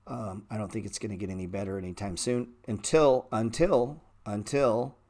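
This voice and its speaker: A middle-aged man hosting a stock trading livestream, talking bluntly and sarcastically with swearing, and jumping into animated, louder rants. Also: normal speed. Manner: animated rants that jump in pitch and volume. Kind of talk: casual livestream chat.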